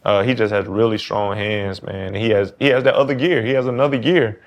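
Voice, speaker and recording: A man's voice: on the low side, a little fast. A man in his thirties with a New Orleans accent, a football player talking casually as a podcast guest and acting out quoted talk. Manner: animated, acts out quoted talk. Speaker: guest quarterback.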